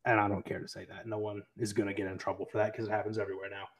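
A man's voice: lowish voice, little pitch movement, rapid-fire, gravelly. A young man co-hosting a podcast, chatting casually and telling loose stories. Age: young adult. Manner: loose, laid-back storytelling. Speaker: podcast co-host. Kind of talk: casual interview chat.

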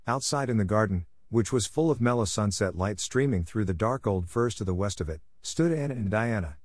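A man's voice: fairly low pitch, dry recording, studio quality. A man narrating a classic novel steadily for English learners. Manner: steady, measured reading. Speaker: audiobook narrator.

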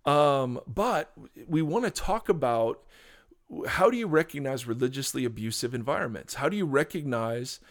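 A man's voice: mid-range voice, lively intonation, normal speed. Man, earnest, preachy, casual teaching chat, frequent restarts. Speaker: podcast co-host, pastor.

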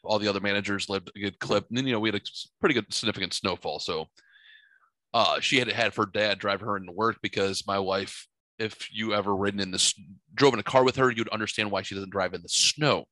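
A man co-hosting a casual chat, telling a long story in a rambling, animated way. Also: on the low side, quick pace, no echo. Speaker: podcast co-host.

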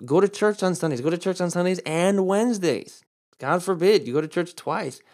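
A man preaching a sermon and explaining Greek words, who repeats key words for stress and switches between slow, drawn-out emphasis and quick asides. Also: high-pitched, animated, darkish tone. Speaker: pastor. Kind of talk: sermon with Greek word study.

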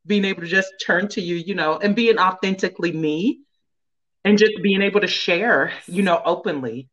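A woman's voice: on the low side, normal speed, fairly bright tone, muffled recording. A woman guest in a casual conversation, speaking earnestly about faith and often laughing.

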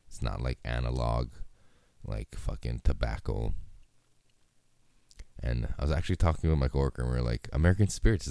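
Solo podcast host, young man, very low gravelly voice, dark tone, rambling and profane. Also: dry recording. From Hawaii. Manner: laid-back, rambling, heavy swearing. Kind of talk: casual solo podcast chat.

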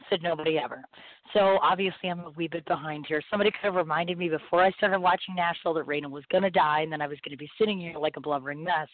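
Brief: woman talk-radio host, voice hoarse and going, rapid chatty self-deprecating delivery, tinny phone sound. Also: deep voice, dry recording. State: hoarse, losing her voice. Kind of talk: casual chat.

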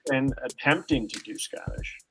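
A man's voice: mid-range voice, moderate pace, bright, forceful tone, slightly rough, faint music behind, poor audio. A man co-hosting a casual podcast, chatty and hedging, often laughing. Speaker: podcast co-host.

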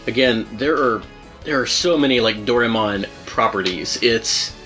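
Man, podcast host, casual rambling chat, lots of fillers, laughs often, average pitch, soft music under. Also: moderate pace.

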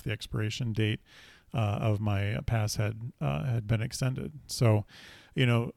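A man's voice: medium pitch, a little mellow, no room sound. A man telling a personal story in a casual, rambling way, with many fillers and restarts.

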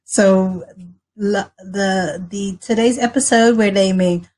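A woman's voice: medium pitch, steady tone, slow, a little mellow. A woman hosting a podcast in a loose, upbeat, chatty way. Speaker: podcast host. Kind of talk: casual podcast chat.

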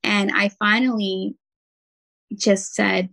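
Earnest woman with a gravelly edge. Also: mid-range voice, steady tone, measured pace, rough recording. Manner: earnest, heartfelt, with frequent "um" and "like". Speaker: podcast guest, intuitive healer and nurse. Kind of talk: personal storytelling in conversation.

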